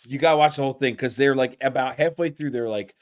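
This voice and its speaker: Male co-host, mid-pitched, excitable, casual slang. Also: quick pace. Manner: excitable, calls people dude. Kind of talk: casual chat.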